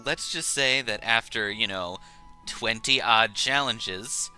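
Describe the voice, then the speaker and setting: A man's voice: medium pitch, takes it slowly, bright, forceful tone, faint music behind, low-quality recording. A man chatting and joking casually while streaming a video game. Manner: playful, joking.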